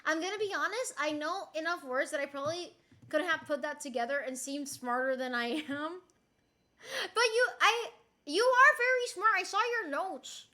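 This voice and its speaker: A woman's voice: sits high, normal speed, pushed and bright. A young woman from Rico, chatting casually with her stream chat in a playful, giggly way and swearing now and then. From Puerto Rico.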